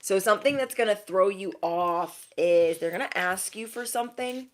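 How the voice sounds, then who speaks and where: Speaking at a moderate pace in a mid-range voice, a young woman does a laid-back intuitive card reading for her viewers. Her talk is candid and chatty, sprinkled heavily with "like."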